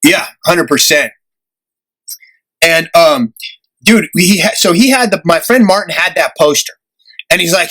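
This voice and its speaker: Animated high-voiced podcast host. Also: male voice, measured pace, long pauses, rough recording. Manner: animated storyteller, acts out quoted voices, laughs often. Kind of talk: casual storytelling chat.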